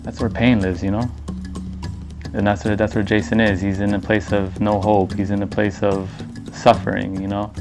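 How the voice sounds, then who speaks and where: A man's voice: lowish voice, level tone, normal speed, over music. A man narrating a personal story in a casual, slangy way, acting out bits of dialogue as he goes.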